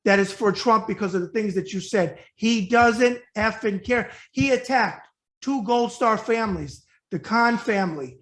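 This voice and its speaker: A man's voice: sits high, a bit bright. A man from New York hosting a web talk show, interviewing a guest in a blunt, emphatic way and often repeating himself. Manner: blunt, rapid, emphatic and repetitive. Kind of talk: casual interview.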